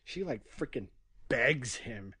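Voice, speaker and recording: A man's voice: mid-range voice, takes it slowly, breathy edge, no room sound. A man co-hosting a film rewatch podcast, retelling scenes animatedly and quoting characters. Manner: animated, quotes characters with rising voice, frequent fillers. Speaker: podcast co-host. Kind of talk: casual film chat.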